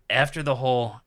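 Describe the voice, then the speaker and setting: A man's voice: medium pitch, fairly bright tone. A man chatting as a guest on a podcast, laughing often as he retells scenes. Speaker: comedian guest. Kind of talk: casual podcast chat.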